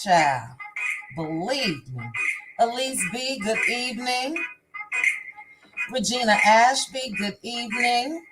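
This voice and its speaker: Unhurried woman greeting livestream viewers. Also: fairly high pitch, rough recording. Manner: reads viewer comments and greets viewers by name. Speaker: livestream host. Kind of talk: casual livestream chat. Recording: music playing behind the voice.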